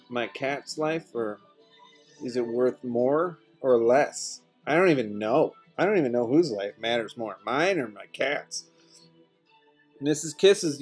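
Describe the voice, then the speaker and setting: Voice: medium pitch, a little mellow. A podcast host giving a comedic, rambling solo monologue at home. They slide into an absurd, self-pitying rant full of swearing. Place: apartment at home. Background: rock music playing faintly.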